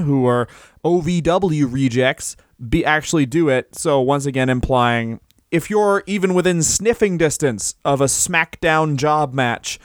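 A man's voice: on the high side, clear, resonant tone, no echo, studio quality. A man co-hosting a comedy podcast, riffing loosely and swearing often in casual chat. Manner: riffing, profane, jumps into mock voices. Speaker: podcast co-host.

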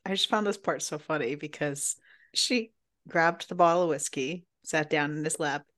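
A woman's voice: sits low, moderate pace, fairly bright tone. A woman co-hosting a book club podcast, chiming in with wry, teasing comments in casual chat. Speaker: podcast co-host. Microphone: podcast mic.

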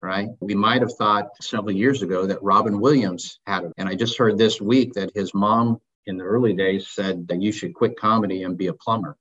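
A man's voice: lowish voice, a bit bright. A man speaking as an interview guest in casual talk, earnest and emphatic, often posing questions. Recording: dull lo-fi audio.

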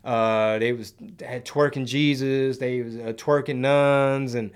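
A man's voice: medium pitch, fairly even intonation, takes it slowly, clear, resonant tone. A man hosting a casual livestream, rambling in slang and slipping into Spanish while reading the chat. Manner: laid-back slangy rambling, mixes in Spanish. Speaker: podcast host reading live chat.

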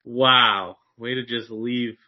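A man's voice: mid-range voice, fairly even intonation, slow. A man co-hosting a movie podcast, teasing his friends and reading movie news in a casual way. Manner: teasing, laughs often. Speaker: podcast co-host. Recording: dull lo-fi sound.

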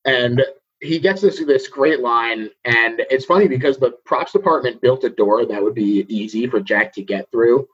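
A man's voice: mid-range voice, moderate pace, fairly bright tone, breathy edge. A man hosting a podcast, casually recapping a movie with jokes and frequent laughs. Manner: jokey, laughs often mid-sentence. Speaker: podcast host. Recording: dull lo-fi recording.

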